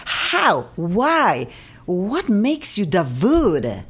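Lively, effusive woman host. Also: medium pitch, extremely slow, husky. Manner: chatty, laughing, effusive. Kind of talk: casual interview chat.

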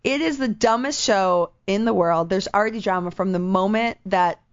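A young woman co-hosting a casual podcast, telling stories and acting out other people's voices loudly. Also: medium pitch, moderate pace, clear, resonant tone, no echo. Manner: animated storyteller, acts out voices loudly. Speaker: podcast co-host. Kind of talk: casual chat. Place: Los Angeles. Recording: dull lo-fi sound.

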